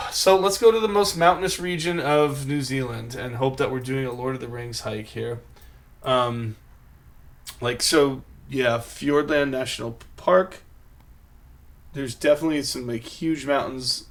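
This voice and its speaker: A man's voice: mid-range voice, unhurried. Man rambling through live game commentary. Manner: rambling, thinks aloud, self-mocking. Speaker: game streamer.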